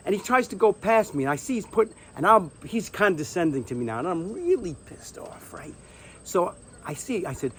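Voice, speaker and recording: A middle-aged man spins a comic yarn in a slightly high voice, animated and salty, hammering phrases by repeating them. Faint crickets chirp behind him outdoors. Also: moderate pace, a little hiss or hum. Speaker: storyteller. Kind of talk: casual comic storytelling. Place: outdoors on a stoop.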